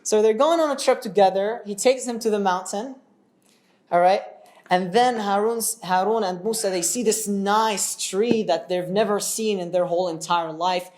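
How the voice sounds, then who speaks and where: A man telling a religious story in a casual, animated way, asking his listeners questions as he goes. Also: sits high, normal speed. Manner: animated, chatty, asks the audience questions.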